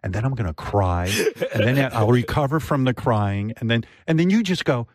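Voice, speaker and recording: A man's voice: medium pitch, animated, moderate pace, darkish tone, no echo, studio quality. A man hosting a casual interview, rambling and swearing freely as he praises a show. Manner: rambling, profane, lots of fillers and restarts. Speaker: host.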